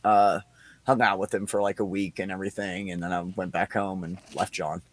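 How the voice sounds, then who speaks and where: A man's voice: low voice, flat delivery, a little fast, no room sound. A middle-aged man telling a long family story in casual chat, rambling and swearing freely. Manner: rambling, profane, laughs between lines. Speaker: podcast host.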